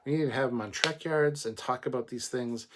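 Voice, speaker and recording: A man's voice: mid-range voice, a little fast, background noise. A man hosting a livestream, chatting casually and joking as he reads viewer comments aloud. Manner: joking, chatty, rambling with restarts. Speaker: livestream host.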